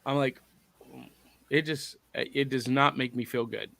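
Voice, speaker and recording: A man's voice: medium pitch, fairly even intonation, measured pace, creaky, fairly bright tone, no room sound. A man hosting a podcast, reading out viewer comments in a playful, jokey, casual chat. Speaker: podcast host.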